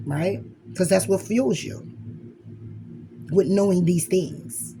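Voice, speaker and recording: A spiritual reader talks straight to the listener in a blunt, emphatic motivational monologue, swearing freely and slipping into quoted voices to act out inner arguments. The voice has a gravelly, fry-laced edge, and a faint hiss sits beneath the recording. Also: medium pitch, slow, dark tone. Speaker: spiritual reader giving a message.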